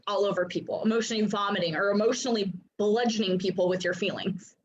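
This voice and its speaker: A woman's voice: mid-range voice, fairly quick, a little hiss or hum. A woman coaching in a casual, chatty teaching talk, full of filler likes and little acted-out voices. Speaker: human design coach. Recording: dull lo-fi recording.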